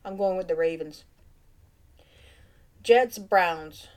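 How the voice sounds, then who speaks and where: A woman's voice: fairly low pitch, takes it slowly, a little mellow. A woman with a Cajun accent hosting her own casual vlog, chatting through her picks in a playful, muttering way. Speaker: vlog host.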